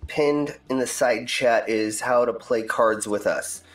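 A man speaking slowly in a mid-range voice hosts a game stream, chatting casually and rambling with frequent ums and uhs. There's a roomy echo and some faint music in the background.

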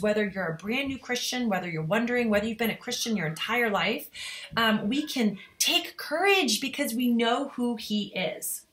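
A woman's voice: a little high, fairly bright tone. A woman in her forties giving an earnest, emphatic devotional Bible teaching, retelling a story with rising emphasis. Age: 40s. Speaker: devotional leader.

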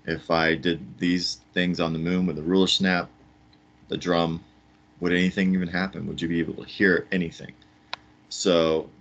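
Deep-voiced upbeat male science teacher. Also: fairly bright tone. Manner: upbeat, chatty, demonstrative. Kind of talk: science lesson for kids.

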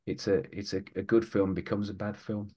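A man's voice: fairly low pitch, level tone, brisk, a little mellow, husky. A British man, an author being interviewed on a podcast, talking in a rambling, thoughtful way and often correcting himself. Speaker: guest author.

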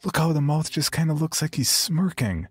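A man narrating a horror story and voicing a doting young mother who gushes with excited praise for her child. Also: mid-range voice, normal speed, husky, no room sound, soft background music. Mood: delighted. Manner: gushing, excited, sweetly encouraging.

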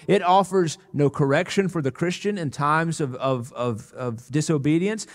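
A man preaching a sermon as pastor, earnest and emphatic, slowing down on key words. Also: a little high. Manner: earnest, emphatic preaching with slow, weighty pauses. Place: church sanctuary. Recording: long reverb of a church hall.

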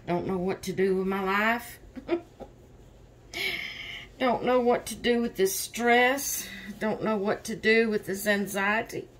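A woman's voice: medium pitch, slight background noise. A woman hosting a doll vlog in casual chat, tired and yawning, rambling openly about her stress. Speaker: reborn doll channel host.

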